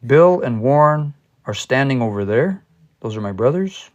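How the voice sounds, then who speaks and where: In an animated, medium-pitched voice at a moderate pace, with the highs cut off in the recording, a man runs a casual livestream language session. As a learner teaching others, he thinks aloud and spells out words letter by letter, patiently explaining with worked examples.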